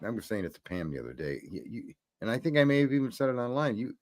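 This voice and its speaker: Animated, profane man ranting casually. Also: medium pitch, quick pace. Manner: blunt, profane, rambling storyteller. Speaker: stream host. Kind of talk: casual chat.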